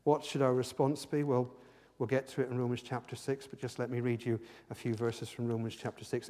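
A man preaching a sermon and leading prayer, impassioned, swinging from hushed tones to fervent outbursts. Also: mid-range voice, level tone, fairly quick. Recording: long hall reverb.

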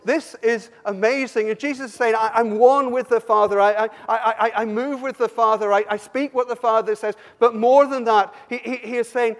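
A man from Somerset preaching a sermon, animated and emphatic, often stumbling and restarting his words. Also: very high voice, normal speed, few pauses. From Somerset, England. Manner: animated, rising to emphatic peaks, frequent stammered restarts. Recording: long hall reverb.

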